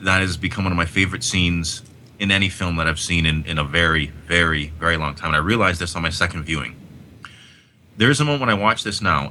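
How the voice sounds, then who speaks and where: A man's voice: low voice, pushed and bright, slight background noise. A man talking about movies in a casual podcast chat, enthusiastic and rambling, often restarting his sentences. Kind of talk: casual film discussion.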